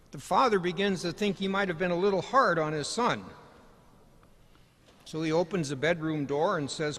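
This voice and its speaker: A man giving a commencement speech, telling stories in a folksy, gently humorous way. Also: a little high. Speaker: commencement speaker. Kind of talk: ceremonial speech with storytelling. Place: commencement ceremony hall. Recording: large hall reverb.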